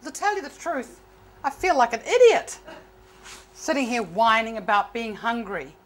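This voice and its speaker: A woman's voice: a little high, animated, normal speed. A woman telling stories in a one-woman comedy show on a theatre stage, wry and self-mocking. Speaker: solo stage performer.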